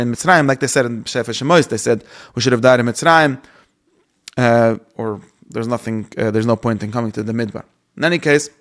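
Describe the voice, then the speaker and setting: A man's voice: medium pitch, fairly bright tone. A man giving an informal Torah lesson, explaining the text in a casual, searching way and often restarting his sentences. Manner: casual, explanatory, with frequent restarts and Hebrew terms. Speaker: Torah teacher.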